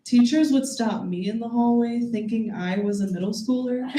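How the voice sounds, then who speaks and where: A woman's voice: a little high, animated, unhurried, darkish tone. A young woman performing a stand-up comedy set, self-deprecating and often breaking into giggles. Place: comedy club stage. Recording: echoey room, heard from a distance, audible noise.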